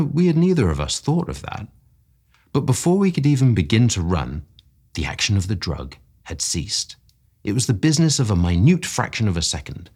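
A man reading a classic story aloud as narration in an expressive way that rises with excitement. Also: deep voice, slightly rough. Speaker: podcast story reader.

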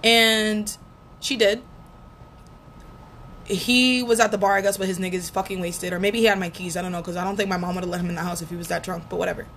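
A woman's voice: on the low side, flat delivery, brisk, a bit bright. A young woman in her twenties, candidly recounting a painful first breakup in a casual, profane storytelling way. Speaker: vlogger. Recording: faint background noise.

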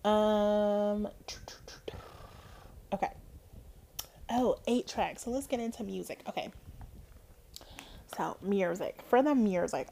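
A woman's voice: mid-range voice, normal speed, pauses often, warm tone. A woman hosting a solo podcast, talking casually and enthusiastically with frequent ums. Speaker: podcast host.

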